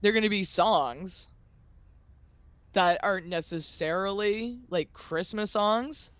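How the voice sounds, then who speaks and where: A man's voice: high-pitched, slow pace, fairly bright tone, clear, resonant tone, highs cut off. A man chatting casually on a stream who rambles, says "like" a lot and makes fun of himself. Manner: rambling, says "like" often, self-deprecating. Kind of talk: casual chat.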